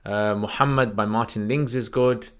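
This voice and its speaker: A man's voice: lowish voice, steady tone, normal speed, fairly bright tone, clean tone. A man hosts a livestream Q&A on religious questions. He reads out each viewer's name and question, then answers in a casual, unscripted way with fillers and restarts. He speaks into a desk microphone.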